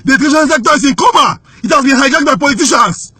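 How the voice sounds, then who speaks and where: A young adult man with a Nigerian accent giving an urgent, indignant spoken testimony that rises at times to shouting. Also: very high voice, racing, dry recording.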